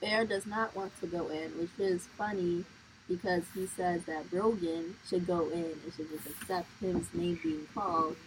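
A woman's voice: lowish voice, fairly even intonation, a little hiss or hum, rough recording. Blunt young woman chatting casually. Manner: blunt, quick to laugh, slangy. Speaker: podcast co-host. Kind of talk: casual chat recapping a reality show.

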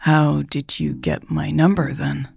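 A woman voicing an anxious, remorseful woman who speaks softly and carefully. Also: low voice, level tone, unhurried, vocal fry, husky, no echo, exaggerated voice. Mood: hesitant. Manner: hesitant, soft and careful.

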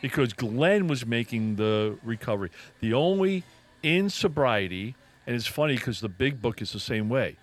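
A man in a relaxed conversation, telling a story with earnest emphasis. His pitch sits in an ordinary middle range, and he often restarts phrases before pressing a point home. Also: normal speed. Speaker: podcast co-host. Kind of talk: casual storytelling chat.

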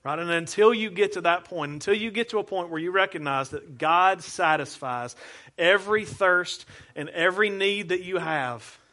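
A man's voice: sits high, moderate pace, bright, forceful tone. A male pastor preaching a sermon in an earnest, conversational way, asking the congregation rhetorical questions.

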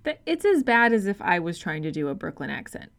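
A woman co-hosting a casual film podcast, trading quick, profane reactions and laughing easily. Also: lowish voice, very animated, vocal fry, a bit bright. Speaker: podcast co-host. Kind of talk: casual film-review chat.

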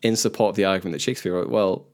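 Male guest, somewhat low voice, earnest and rambling, casual chat. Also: fairly even intonation, racing, a little mellow. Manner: rambling, many restarts, earnest. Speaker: podcast guest.

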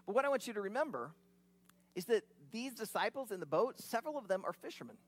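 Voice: medium pitch, big pitch swings, fast talker, breathy edge. A preacher giving an expository sermon, retelling the scene in a vivid, conversational way with casual asides.

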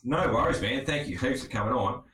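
An Australian man hosting a casual podcast chat, relaxed, swearing freely and laughing often. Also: medium pitch, brisk, roomy sound, slight background noise. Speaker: podcast host.

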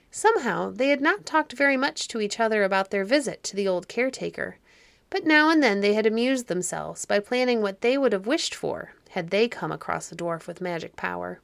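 A woman narrating a children's fairy story audiobook in a calm, measured way. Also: medium pitch, creaky, dry recording.

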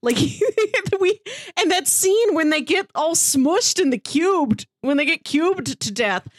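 Slow, lively-voiced woman co-host. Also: high-pitched, dry recording, clean studio sound. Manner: slow, lively, laughs often, acts out quotes. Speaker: podcast co-host. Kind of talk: casual chat about a TV episode.

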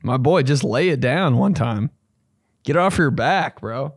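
Gravelly, profane young comedian host. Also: male voice, expressive, measured pace, no room sound, clean studio sound. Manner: profane, rambling, acts out voices with big pitch jumps. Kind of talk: casual comedic storytelling.

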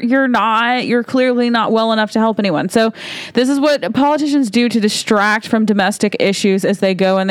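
A woman's voice: mid-range voice, clear, resonant tone, dry recording. A woman hosting her opinion podcast, talking in a heated, fired-up rant. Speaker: podcast host.

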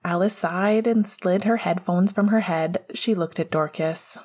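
Woman reading a story aloud, breathy, lowish voice, calm. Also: a little slow. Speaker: narrator. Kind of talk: audiobook narration of fan fiction.

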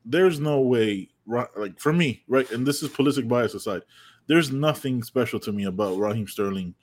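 Podcast co-host from the United States, rambling and profane. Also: male voice, medium pitch, normal speed. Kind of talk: casual sports chat.

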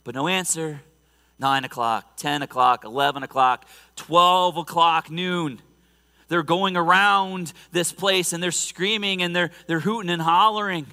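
A male pastor preaches in a lively, conversational way and laughs as he tells the story. His voice is bright and forceful and sits a little high. It echoes through the long reverb of a church sanctuary. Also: measured pace, vocal fry. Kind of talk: sermon.

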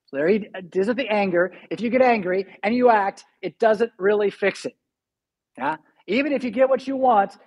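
A man, a pastor, preaching a conversational sermon and reading scripture slowly and with emphasis. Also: high-pitched, darkish tone, slightly rough.

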